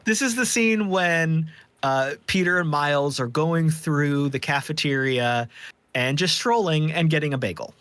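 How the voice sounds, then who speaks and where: A man running a tabletop game as game master, describing scenes in a measured way, with occasional ums. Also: fairly high pitch, a bit bright, no room sound.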